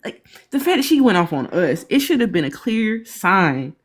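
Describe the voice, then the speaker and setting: Picture an emphatic woman riffing on a reaction stream, her voice jumping up and down in pitch as she makes her point. She laughs often and keeps a casual, heated talking tone. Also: very animated, moderate pace. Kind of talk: casual commentary chat.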